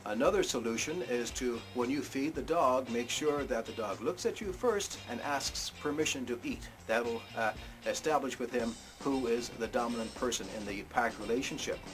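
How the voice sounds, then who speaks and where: A man teaching dog tricks in a plain, explaining way, with bursts of high, cheerful praise for the dog. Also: moderate pace. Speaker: dog trainer. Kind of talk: instructional talk. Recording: music playing underneath.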